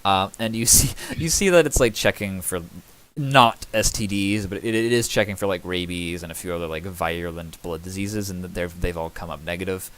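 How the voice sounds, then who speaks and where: A man's voice: deep voice, brisk. A man narrating as game master, rambling through his descriptions with lots of fillers. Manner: bursts into loud exasperated yelling.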